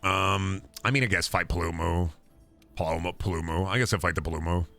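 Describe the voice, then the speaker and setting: A man streaming a video game, chatting casually and profanely with his viewers in an animated way. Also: sits low, fairly quick, soft background music. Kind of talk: casual gaming stream commentary.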